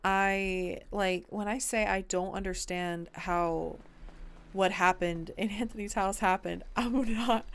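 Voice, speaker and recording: A woman's voice: mid-range voice, steady tone, slow. A woman streamer talking in character during a game roleplay, frustrated and rambling, swearing often and full of fillers.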